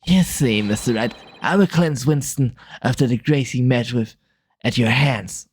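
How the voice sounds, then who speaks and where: A man's voice: medium pitch, a little slow, darkish tone, husky. Man reading as a smug sneering prosecutor. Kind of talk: casual game dialogue reading.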